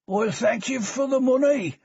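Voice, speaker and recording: A man's voice: very high voice, measured pace, creaky, darkish tone, slightly rough, no echo, pitched above the performer's own voice, heavily acted. A man voicing a drunken homeless ex-soldier in his forties with a slurred Birmingham accent, bitter and hostile. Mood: snarling. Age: 40s. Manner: bitter, snarling. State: slurred by alcohol. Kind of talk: audiobook character voice. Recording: dull, dry studio recording.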